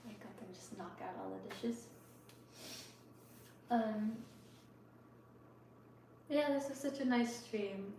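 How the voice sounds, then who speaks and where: A woman in her thirties closing out a livestream from her home kitchen, talking softly and heartfelt, rambling with many fillers. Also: mid-range voice, far from the mic, slight background noise. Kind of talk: casual livestream sign-off chat. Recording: echoey room, voice from off the mic.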